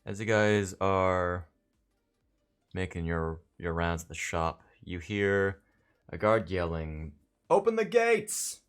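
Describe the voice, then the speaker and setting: A man narrating as dungeon master in a tabletop game, pausing often with fillers. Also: deep voice, fairly even intonation, a bit bright, clear, resonant tone. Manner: halting, filler-heavy narration.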